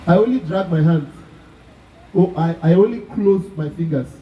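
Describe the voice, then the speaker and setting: A man's voice: fairly high pitch, moderate pace, muffled recording, a little hiss or hum. A man with a Nigerian accent teaching drum technique to a class, constantly asking if they are following. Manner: asks the class constant check questions. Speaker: drum instructor. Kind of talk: live drum workshop teaching. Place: large echoey room at a festival workshop. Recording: echoey room, from far off.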